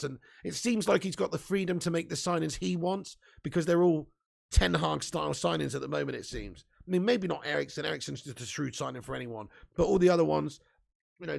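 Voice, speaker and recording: On his football fan channel's live stream, this man talks in a slightly high, creaky voice. He banters with viewers, reads out their comments, laughs often and doesn't hold back on swearing.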